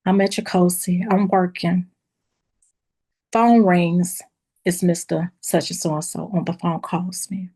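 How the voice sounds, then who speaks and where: A woman who owns a beauty school tells a personal story in a lively, casual way, talking straight to her listeners and acting out what people said. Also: on the low side, slow pace, husky. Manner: lively, acts out quoted dialogue in a raised voice; casual, addresses listeners as y'all.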